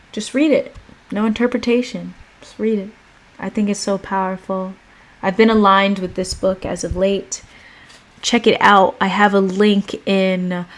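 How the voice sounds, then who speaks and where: An American woman hosting a livestream, chatting casually and reading a meditation aloud. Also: mid-range voice. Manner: relaxed, chatty, slow and drawn out. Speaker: livestream host.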